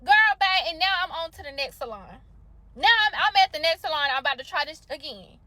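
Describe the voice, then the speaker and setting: High, fast-talking woman ranting. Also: no echo. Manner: animated, slangy, exasperated storytelling. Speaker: salon customer telling a story. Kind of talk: storytime vlog rant.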